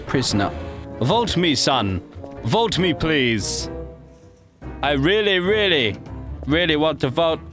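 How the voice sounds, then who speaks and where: An English man bantering cheekily through a game session, his voice sitting a little high. It swings up and down with lively energy as he jokes with other players, with clear music under it. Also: slow pace, long pauses. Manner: cheeky, joking, calls people mate and son. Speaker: gaming YouTuber. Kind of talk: playful gameplay commentary and roleplay chat.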